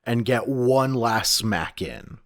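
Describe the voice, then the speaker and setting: A man co-hosting a podcast, chatting casually and thoughtfully, with halting restarts. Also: medium pitch, animated, dry recording, clean studio sound. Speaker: podcast co-host. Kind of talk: casual chat.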